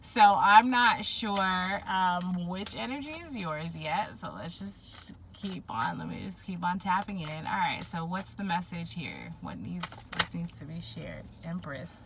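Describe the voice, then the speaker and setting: A woman's voice: on the low side, expressive, unhurried, few pauses, background noise. A woman giving a spiritual pick-a-pile tarot reading, rambling and emotional as she thinks aloud with many fillers. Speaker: tarot reader.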